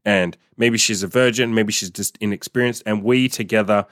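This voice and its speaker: Blunt, profane man with a low voice. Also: fairly even intonation, moderate pace, fairly bright tone, no room sound, clean studio sound. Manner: profane, blunt, laughs often. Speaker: podcast host. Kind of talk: casual monologue.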